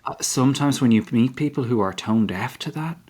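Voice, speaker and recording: An Irish man, a comedian guest, talking through ideas in a measured, reflective way during a casual interview. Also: mid-range voice, a little mellow. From Ireland.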